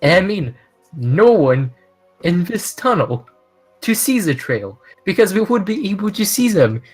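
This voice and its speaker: A man's voice: sits high, very animated, unhurried, slightly rough, faint music behind. Blunt male tabletop player. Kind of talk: tabletop role-play.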